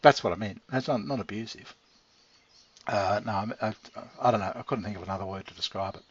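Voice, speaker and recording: Middle-aged man, husky lowish voice, meandering chat with a pet, lots of swearing, dull lo-fi sound. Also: fairly quick. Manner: meandering, swears freely, chuckles often. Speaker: channel host talking to his pet. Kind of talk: rambling casual monologue. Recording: dull lo-fi recording.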